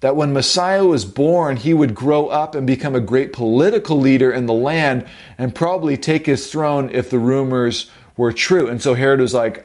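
A man preaching a sermon as pastor, from the United States, emphatic and slowing down to stress key phrases. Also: mid-range voice, darkish tone.

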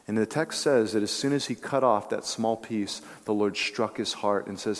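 A man's voice: medium pitch, normal speed. Preacher man in a reverberant hall. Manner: animated storytelling, drops to hushed tones for emphasis. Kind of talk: sermon.

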